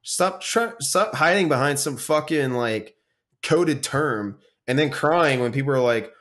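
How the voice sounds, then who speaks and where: A man co-hosting a casual podcast chat, swearing freely, ranting and mocking people in quick impressions. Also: medium pitch, expressive, fairly bright tone. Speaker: podcast co-host.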